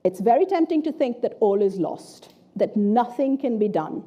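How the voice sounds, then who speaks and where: A middle-aged woman giving a public lecture, animated and blunt, reading out interview quotes with swearing. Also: a little high, normal speed, dull audio.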